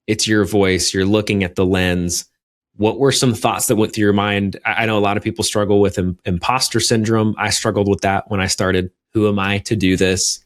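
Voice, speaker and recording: A man hosting a casual interview, asking thoughtful questions with frequent restarts. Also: on the low side. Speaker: host.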